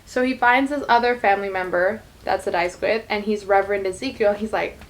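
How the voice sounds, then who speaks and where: A woman's voice: medium pitch, moderate pace, a little hiss or hum. A young woman telling a story in casual chat, full of "like" and quoted lines. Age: young adult. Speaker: YouTuber retelling a musical's plot.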